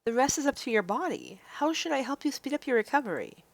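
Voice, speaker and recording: Visual novel read-aloud, woman doing a flustered young heroine, stammering, lively high pitch, dry sound. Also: fast talker, vocal fry, no room sound, full character voice. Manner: stammering, pleading.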